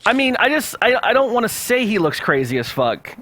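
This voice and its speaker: High-voiced host, rambling and profane. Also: male voice, big pitch swings, brisk, background noise. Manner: rambling, profane storytelling full of fillers. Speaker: podcast host. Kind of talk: casual chat.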